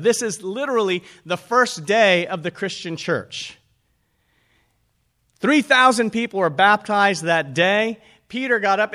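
A man's voice: high-pitched, bright, forceful tone. A man preaching a conversational sermon as pastor, asking his listeners rhetorical questions.

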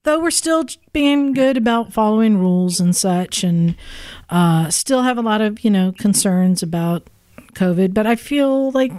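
A woman's voice: mid-range voice, animated, a little slow, darkish tone, dry recording. A woman hosting a casual chat, teasing her co-host in a friendly way and rambling with fillers. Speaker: podcast host.

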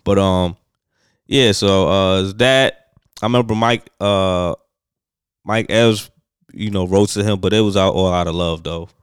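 A man's voice: low-pitched, fairly even intonation, unhurried, pauses often, clean tone, no room sound, clean studio sound. A man co-hosting a casual podcast chat, rambling and profane, full of fillers. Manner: laid-back, profane, rambling with many fillers. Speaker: podcast co-host.

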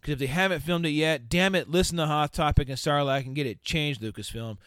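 A man's voice: a little high, brisk, fairly bright tone, clean tone, no room sound, clean studio sound. A man hosting a podcast, ranting heatedly with a lot of profanity. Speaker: podcast host. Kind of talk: casual podcast rant.

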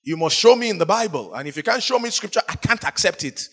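A man's voice: sits high, sing-song, quick pace, a bit bright. A man preaching a sermon, retelling a story and voicing the people in it, with sudden emphatic rises.

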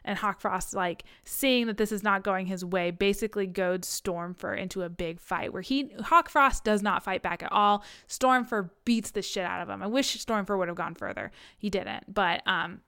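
A woman co-hosting a casual chat, recapping a book series with jokes, swearing and quick acted-out character lines. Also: mid-range voice, bright, forceful tone, smooth.

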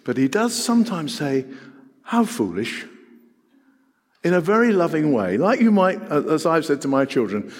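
Middle-aged preacher, earnest sermon delivery with rhetorical questions, long reverb of a hall. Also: male voice, fairly high pitch, very animated, a little fast. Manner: earnest, rhetorical questions, shifting between loud and hushed.

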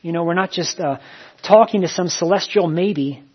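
Man preacher, husky tone, dull lo-fi recording, chatty storytelling delivery. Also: sits high, moderate pace. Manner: plain conversational storytelling with many fillers and repeats. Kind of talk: sermon.

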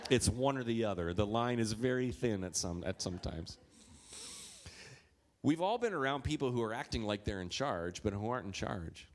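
A man's voice: lowish voice, expressive, normal speed, slight background noise. A man in his thirties from Minnesota, a pastor preaching a sermon in a chatty, storytelling way with playful asides.

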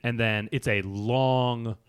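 A man's voice: medium pitch, fairly even intonation, slow pace, smooth. A man co-hosting a podcast, telling an annoyed travel anecdote in casual chat and acting out both sides of the dialogue. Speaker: podcast co-host.

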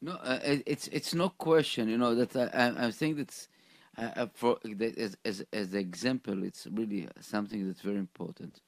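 Gravelly man making an insistent point. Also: fairly low pitch, dry recording. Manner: halting, repeats words, then presses his point. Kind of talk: casual chat.

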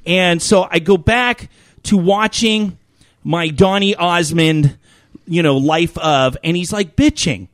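A man's voice: high-pitched, slow pace, dry recording, studio quality. A man in his fifties telling a long, profane, rambling story as a regular on a talk show. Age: 50s. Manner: animated, profane, rambling with many fillers.

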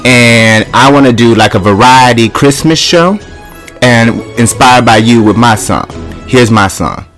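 A greedy kid, played by a man, rambles through his wish list for Santa in a flat, deadpan voice. The pitch sits in the middle range. Faint music plays underneath. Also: unhurried, lightly acted. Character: scheming boy Buster asking Santa for loot.

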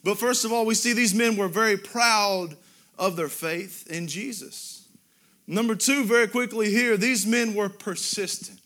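High bright-voiced preacher. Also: male voice. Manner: drawn-out emphatic Bible quoting, rising to loud exclamations. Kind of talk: sermon.

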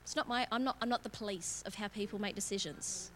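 A woman's voice: medium pitch, fast talker, a bit bright, a little hiss or hum. A woman preaching a candid, conversational sermon in church, self-mocking and laughing often. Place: church auditorium.

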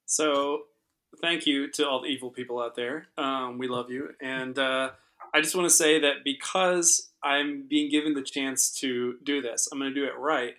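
A man's voice: mid-range voice, steady tone, moderate pace, pushed and bright. A man co-hosting a film podcast, playfully building up a bit in casual chat. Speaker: podcast co-host.

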